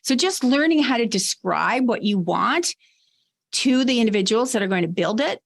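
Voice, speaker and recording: A woman guest on a podcast, explaining leadership ideas in a measured, conversational way. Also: on the high side, expressive, vocal fry. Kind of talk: conversational advice.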